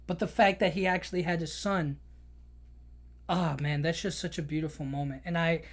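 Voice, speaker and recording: A man's voice: a little high, steady tone, normal speed. A man hosting a podcast, recapping a film in an emotional, chatty way with lots of "you know". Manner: emotional storytelling, many fillers like "you know". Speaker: podcast host. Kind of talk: casual movie recap.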